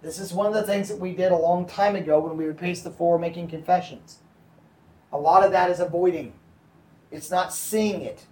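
Brief: male pastor, high voice, conversational Bible teaching, echoey room mic at a distance. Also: fairly even intonation, moderate pace, a little mellow. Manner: conversational, checks in with the audience.

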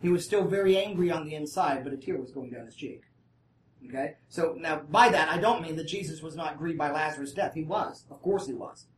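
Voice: mid-range voice, fairly quick, slight background noise. Bible study leader reading scripture and explaining it, casual and talkative, asks the group questions, set back from the mic in an echoey room. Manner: reads scripture aloud, then breaks off to explain casually; often checks in with listeners. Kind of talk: conversational Bible study teaching. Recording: roomy, distant mic.

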